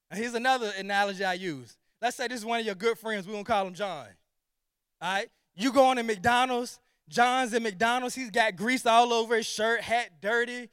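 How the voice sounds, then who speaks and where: Very high, bright-voiced man. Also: no echo, clean studio sound. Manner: energetic, preachy, fond of rhetorical questions and repetition. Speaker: sales team leader. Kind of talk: motivational sales presentation.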